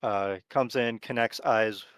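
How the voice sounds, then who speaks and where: A man narrating as game master of a tabletop horror game, talking in a relaxed, rambling way with lots of fillers. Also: fairly low pitch, takes it slowly, smooth, dry recording.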